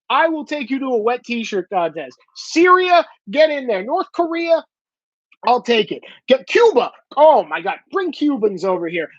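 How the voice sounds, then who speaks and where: A man's voice: high voice, breathy edge, no echo, muffled recording. A man vlogging in a casual monologue, ranting with lots of swearing. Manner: profane, animated ranting.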